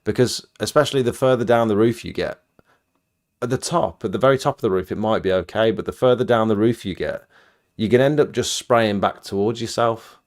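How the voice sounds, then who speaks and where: Low-voiced man giving friendly gear advice. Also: a little fast. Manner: relaxed, advising, chuckles while telling stories. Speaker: live stream host. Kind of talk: casual chat about roof cleaning gear.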